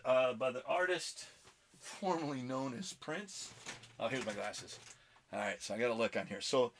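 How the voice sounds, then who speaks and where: A man's voice: medium pitch, fairly bright tone. Chatty man rambling through a collector vlog. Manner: rambling, chatty, self-mocking asides. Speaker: comic book collector vlogger. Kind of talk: casual show-and-tell vlog. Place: at home.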